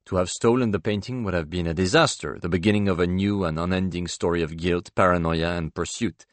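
A man with a very deep, low voice reads a first-person novel aloud. His delivery is measured, with a dry, ironic edge, and the sound is close and dead. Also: no echo. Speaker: audiobook narrator. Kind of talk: scripted first-person narration.

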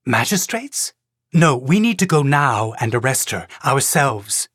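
A man voicing a sharp, impatient woman official who speaks in a forceful, cutting way. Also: mid-range voice, very animated, measured pace, husky, no room sound, studio quality, full character voice. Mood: insistent.

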